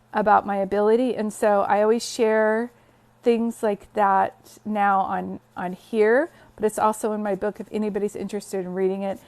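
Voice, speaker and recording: A woman hosting a casual phone livestream from her bed, greeting viewers and telling stories in a chatty way. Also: mid-range voice. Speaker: psychic medium livestream host. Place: bedroom, sitting on bed.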